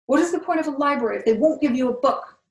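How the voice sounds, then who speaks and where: A woman's voice: mid-range voice, normal speed, roomy sound, pitched above the performer's own voice, close to an everyday voice. A woman reading aloud and voicing a spirited eleven-year-old girl, earnest and a little flustered.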